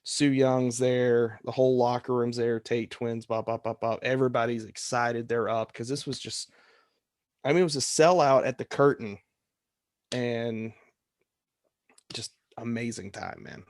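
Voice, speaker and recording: A man with a middle-range voice tells a story on a podcast, recorded close and dry with no room sound. He works as a wrestling referee and gets animated, jumping up in pitch when he acts out his counts and calls. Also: measured pace, no echo.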